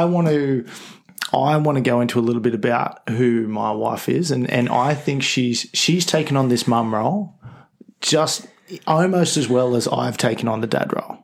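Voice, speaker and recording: A man's voice: medium pitch, moderate pace, creaky. A man hosting a casual comedy podcast, joking in a mock-bossy, self-important way. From Australia. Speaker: podcast host.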